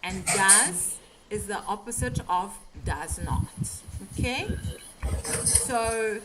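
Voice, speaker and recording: A woman teaching a live beginner English lesson, speaking slowly and carefully and laughing often. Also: mid-range voice, heavy background noise.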